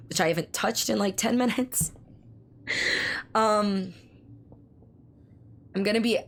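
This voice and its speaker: A hoarse woman with laryngitis, chatting casually with her stream viewers and reading their messages aloud, speaking slowly to spare her voice. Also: fairly low pitch. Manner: reads viewer messages aloud and answers them. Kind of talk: casual live-stream chat.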